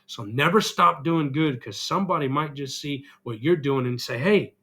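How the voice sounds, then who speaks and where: A man's voice: on the high side, moderate pace, fairly bright tone, slightly rough. A middle-aged man vlogging an earnest, emotional personal reflection, still getting over an illness. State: recovering from illness, congested.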